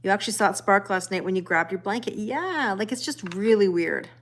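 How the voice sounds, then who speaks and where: A woman's voice: medium pitch, fairly quick. Chatty woman greeting live-stream viewers. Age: middle-aged. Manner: chatty, greets viewers by name, laughs often. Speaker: tarot reader livestream host. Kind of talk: casual live-stream chat reading out viewer comments.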